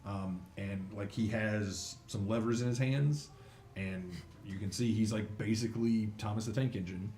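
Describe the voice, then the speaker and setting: A man's voice: on the low side, moderate pace, a little mellow. A man narrating a tabletop game as game master, rambling with many fillers. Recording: echoey room, some noise.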